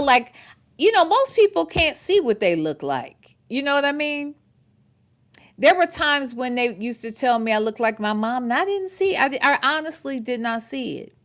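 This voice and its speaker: A woman in her forties giving casual, chatty commentary and talking straight to her viewers. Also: sits high. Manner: chatty, animated, talks to the chat directly. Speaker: commentary streamer.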